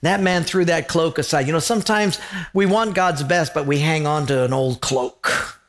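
Gravelly-voiced male preacher, conversational. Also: fairly high pitch, normal speed, a bit bright. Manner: conversational, emphatic, with frequent rhetorical questions. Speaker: pastor. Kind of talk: sermon.

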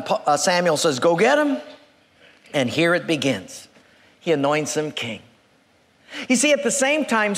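A male pastor tells the story in a folksy, joking way, chuckling as he goes. His voice sits high for a man. The sound carries a long reverb, as in a church hall. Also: a bit bright. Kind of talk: humorous sermon storytelling.

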